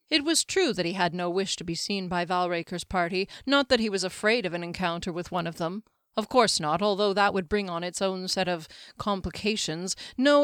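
Brief: female audiobook narrator, measured fantasy reading, dry close sound. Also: mid-range voice, clear, resonant tone, no room sound.

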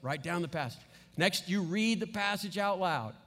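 A man with a high, clear speaking voice leads a church teaching session. He coaches his listeners step by step and keeps checking that they are following. His words ring out with the long reverb of a large hall. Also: lively intonation, moderate pace, fairly bright tone. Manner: coaching, checks in with frequent "okay?". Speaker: Bible teacher.

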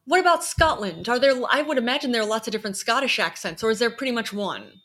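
Chatty woman, higher voice. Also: animated, fast, a bit bright. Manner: chatty, ironic asides, asks questions. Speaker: podcast host. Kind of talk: casual chat.

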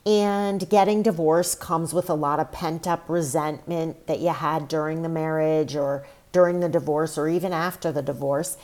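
A woman's voice: low voice, steady tone, moderate pace, hardly any pauses, a little mellow. A woman hosting her own podcast, talking on her own in a candid, chatty, emotional way. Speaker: podcast host. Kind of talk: solo podcast monologue.

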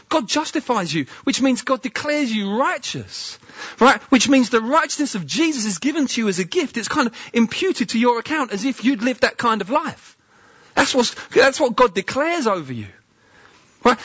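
A man's voice: very high voice, fairly bright tone, slightly rough, no room sound, muffled recording. A man preaching a conversational sermon, often asking the listeners questions. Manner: chatty, asks the listeners questions.

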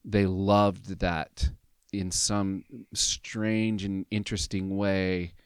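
Low-voiced guy in his 50s telling his story on a podcast, gets emotional, acts out quotes, dry sound. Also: level tone, drawn-out words, clear, resonant tone, no room sound. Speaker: podcast guest. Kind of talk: personal storytelling in conversation.

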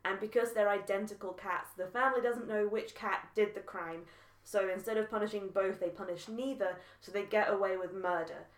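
A woman's voice: medium pitch, brisk. Chatty woman in an echoey room. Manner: animated, laughs often, bursts into song. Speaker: podcast co-host. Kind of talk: casual chat.

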